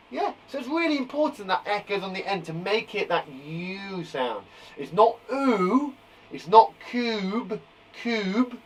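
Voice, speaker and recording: A man teaching a live phonics lesson to young children from a garden shed, upbeat and encouraging, sounding out words slowly. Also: sits high, fairly bright tone, recorded from a distance, a little hiss or hum, poor audio. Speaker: primary school teacher.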